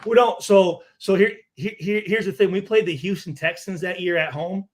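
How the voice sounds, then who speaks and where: Casting: high-voiced male ex-player, rowdy storyteller, swears freely. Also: moderate pace. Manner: profane, animated storyteller. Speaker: former pro football player guest. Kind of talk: storytelling in a podcast chat.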